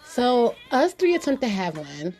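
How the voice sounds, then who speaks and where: A woman podcast host telling candid stories in casual chat, blunt and animated, with many "like"s. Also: on the high side, measured pace. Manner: blunt, animated storyteller with frequent "like".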